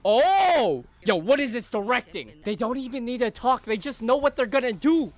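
A man reacting to an anime episode with excitable, profane slang, swinging between shouted outbursts and low mutters. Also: fairly quick. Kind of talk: live anime reaction commentary. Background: faint anime soundtrack music.

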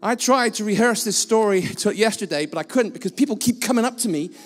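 Blunt high-voiced man preaching in a hall. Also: lively intonation, quick pace, soft background music. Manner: blunt, self-mocking preaching. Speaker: guest preacher. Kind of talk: sermon. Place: church hall.

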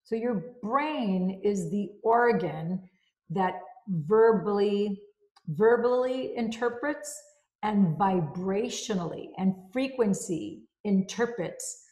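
A woman's voice: medium pitch, darkish tone, roomy sound. A woman reviewing a self-help book in a casual way. She repeats key phrases and walks through everyday examples.

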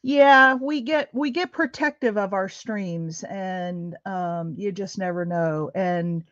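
A woman's voice: medium pitch, slow pace, no room sound, lo-fi sound. A middle-aged woman hosting a craft livestream, chatting with viewers in a chatty, rambling way and laughing easily. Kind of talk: casual chat with live viewers while crafting. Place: home craft room.

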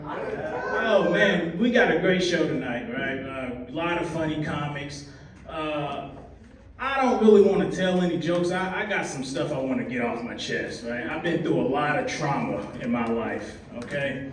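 A man's voice: a little high, lively intonation, unhurried, slight background noise. A man hosting a comedy show, doing loose, rambling crowd work and teasing the audience. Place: comedy club with live audience. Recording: roomy echo, distant mic, crowd laughter.

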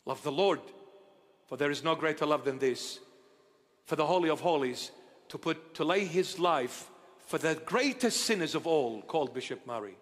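A bishop giving a sermon, tender and playful in how he talks, now and then rising into loud outbursts, recorded in a church. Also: on the high side, lively intonation, normal speed. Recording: church hall reverb.

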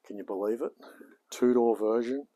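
A man's voice: medium pitch, normal speed, mellow. An Australian man in his late forties chatting casually on his live stream, laid-back and rambling, with plenty of slang. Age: late 40s. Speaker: live-streaming home mechanic.

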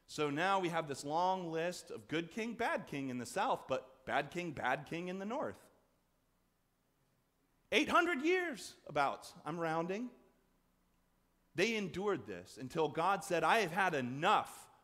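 A man preaching a sermon as pastor, conversational and animated, acting out voices in the story. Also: slow. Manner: conversational, acts out quoted voices with big swings in pitch and loudness. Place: church sanctuary. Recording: long church reverb.

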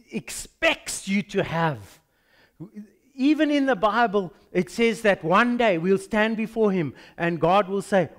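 A man with a South African accent, a pastor preaching a sermon and telling a story with acted-out dialogue. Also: high voice. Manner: animated storytelling, acts out dialogues.

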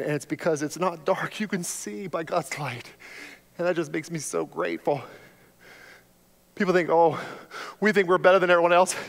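Impassioned male pastor preaching. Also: on the high side. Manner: swings from hushed to loud, impassioned preaching. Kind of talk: sermon.

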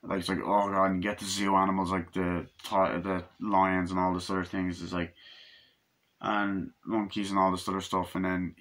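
A man's voice: deep voice, flat delivery, moderate pace, fairly bright tone. A man giving a casual, rambling movie review, acting out scenes with quoted voices and swearing.

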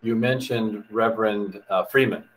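A man hosting a conversation, asking a thoughtful, measured question. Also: on the low side, fairly bright tone, a little hiss or hum, rough recording. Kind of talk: interview question.

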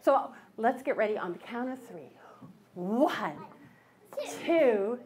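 A woman's voice: on the high side, lively intonation, takes it slowly, a crowd in the background. A woman storyteller leading a children's storytime in a library, coaxing the group playfully with mock-puzzled restarts. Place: public library.

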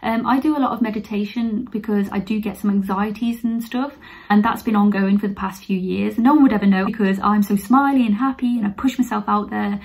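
A woman's voice: medium pitch, brisk, darkish tone, poor audio. A woman, a nurse, speaking earnestly and openly to camera about her own struggles, sometimes close to tears. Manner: earnest, open, turns emotional and teary at times. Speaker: nurse vlogger. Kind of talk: heartfelt personal talk to camera.

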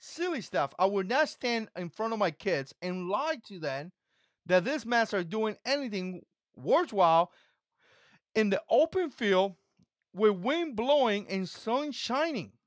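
Animated non-native man ranting. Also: high-pitched, measured pace, no room sound. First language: not English. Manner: emphatic, repeats points, mocking. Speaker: channel host. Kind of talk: opinion commentary vlog.

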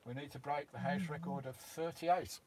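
A middle-aged British man with a voice on the high side hosts a casual outdoor live stream beside his campervan, speaking at normal speed. There's a little hiss or hum as he greets viewers by name and chats with them in a friendly way.

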